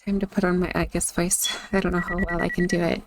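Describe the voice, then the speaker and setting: A woman's voice: on the low side, little pitch movement, fast, background noise. A young woman who just woke up, chatting with lots of fillers and then reading a game story aloud. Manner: chatty and rambling, many fillers, hesitant. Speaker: story reader.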